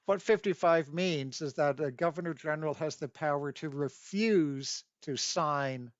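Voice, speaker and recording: A man giving a lecture, deliberately reading out legal sections and stressing key points. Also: a little high, no room sound, highs cut off. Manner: deliberate, reads statutes aloud, stresses key words. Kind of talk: lecture on constitutional history. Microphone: webcam mic.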